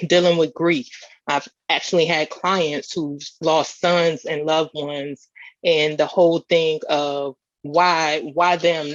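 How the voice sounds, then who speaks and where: A woman's voice: low voice, no echo, highs cut off. Earnest woman giving testimony talk. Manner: earnest, repetitive emphasis. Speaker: keynote speaker.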